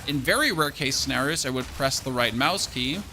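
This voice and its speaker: Bright-voiced streamer. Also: male voice, medium pitch, lively intonation, fairly quick, slight background noise. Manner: chatty, thinks aloud, thanks viewers. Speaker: gaming streamer. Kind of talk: live-stream gameplay commentary.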